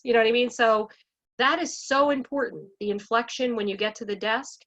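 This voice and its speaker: A woman's voice: a little high, brisk, a bit bright. A woman speaking as a salon business coach in a panel talk, talking with emphatic energy and acting out scripts for clients. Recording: dull lo-fi audio.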